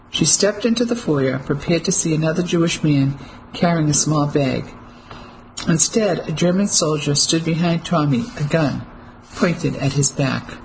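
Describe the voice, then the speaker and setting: Steady audiobook narrator. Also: medium pitch, a little hiss or hum, low-quality recording. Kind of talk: scripted narration.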